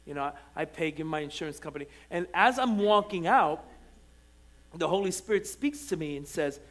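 A man preaching from the pulpit with a notably high voice for a man. He shifts between relaxed storytelling, full of restarts, and fervent emphatic lines. The delivery is that of a church pastor. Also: normal speed. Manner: animated preaching, rising to emphatic repeated lines; conversational storytelling with frequent restarts. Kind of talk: sermon. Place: church sanctuary.

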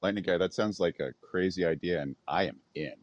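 A man's voice: deep voice, fairly quick, lo-fi sound. A man co-hosting a casual comedy podcast in a laid-back, playful way. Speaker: podcast co-host.

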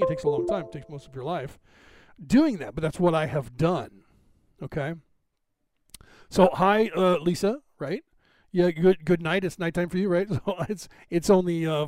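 A man's voice: a little high, darkish tone, dry recording. A middle-aged man from Northern California with a Californian accent, hosting a live stream and chatting to viewers in a rambling, digressive way, often adding "right?".

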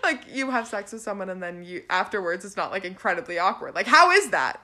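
A woman's voice: medium pitch, big pitch swings, fast talker, pushed and bright. A young woman guesting on a podcast, chatting casually, giggling and saying "like" a lot. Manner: giggly, lots of "like". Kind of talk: casual chat.

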